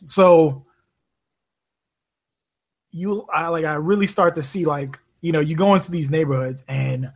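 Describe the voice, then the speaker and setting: His voice is on the high side and a bit slow, with frequent pauses. Raised in Bermuda and working as a rideshare driver, he's a podcast guest telling stories in casual talk, animated throughout, cursing freely and performing quoted voices.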